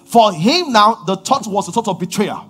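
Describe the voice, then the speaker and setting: A man preaching a sermon, swinging from shouted lines to low murmurs as he reads and explains scripture. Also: animated, moderate pace, breathy edge, faint music behind.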